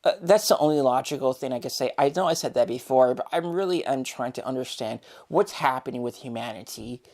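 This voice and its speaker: Young woman vlogger, deep and gravelly, profane rambling rant. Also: fairly quick, darkish tone. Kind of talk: casual opinion rant.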